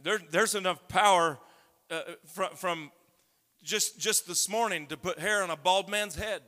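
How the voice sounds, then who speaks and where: A man preaching a sermon, talking conversationally and then building up to loud shouts. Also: sits high, a little slow. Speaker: pastor. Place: church sanctuary. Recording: long reverb of a large hall.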